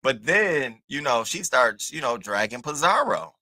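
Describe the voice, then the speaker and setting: A man dishes online drama in an animated, sassy style, swearing freely and leaping into high squeals. His voice is bright and sharp. The sound is dry and close, with no room echo. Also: measured pace. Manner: animated and sassy, lots of slang and cussing; jumps into high squealing bursts. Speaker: commentary host. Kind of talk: casual gossip commentary.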